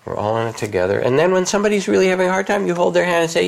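Gravelly older man, soft guided reflection, unhurried with warm lifts. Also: fairly high pitch, lively intonation. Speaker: meditation teacher guest. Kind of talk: gentle guided reflection in conversation.

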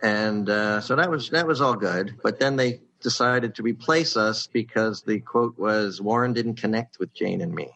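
Lowish-voiced man telling lively stories. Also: moderate pace, creaky, hardly any pauses, low-quality recording. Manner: animated storyteller who acts out quoted people. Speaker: sitcom writer guest. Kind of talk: casual anecdote telling.

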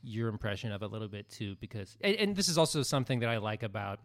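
A man's voice: lowish voice, very fast. A man co-hosting a podcast, a stand-up comedian telling stories in casual chat. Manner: lively, storytelling, laughs often.

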